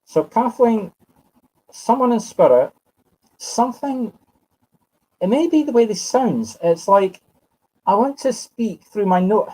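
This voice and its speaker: A man's voice: high voice, expressive, slow pace, pauses often, warm tone, poor audio. A Scottish man in his fifties giving live spiritual readings, musing aloud and correcting himself as he addresses sitters by name. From Scotland. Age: 50s. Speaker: medium.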